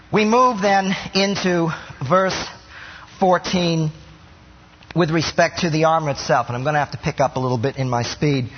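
A man preaching a sermon, acting out bits of inner dialogue with animated delivery. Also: sits high, breathy edge, big-room sound, dull audio. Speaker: pastor.

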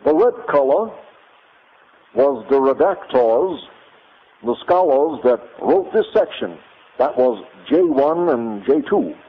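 A man telling a personal story in a lively, emphatic, punchy way. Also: mid-range voice, slow pace, gravelly. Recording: tinny phone-like audio.

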